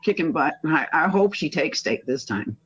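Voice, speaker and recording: A woman's voice: low-pitched, lively intonation, normal speed, breathy edge, poor audio. A woman talking in a rambling, profane way, bragging about her daughter and defending herself in a casual rant. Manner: rambling, profane, proud parent.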